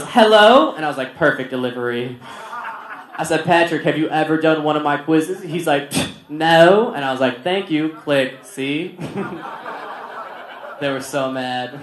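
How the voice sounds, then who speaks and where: A young man performing a stand-up comedy set at a barbecue restaurant, acting out other people in raised, animated voices. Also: on the high side. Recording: roomy venue with laughter.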